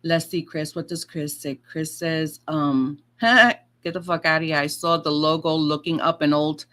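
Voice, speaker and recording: A woman's voice: low-pitched, flat delivery, moderate pace. A woman talking to her viewers as a tarot and astrology vlogger, in a chatty rambling monologue where she swears freely and acts out her own past remarks.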